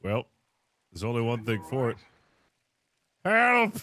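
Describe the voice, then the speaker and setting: A man's voice: medium pitch, a little slow, slight background noise. A man live-streaming a role-play as a ship captain, talking theatrically and calling out for help. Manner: animated, theatrical, shouting for help.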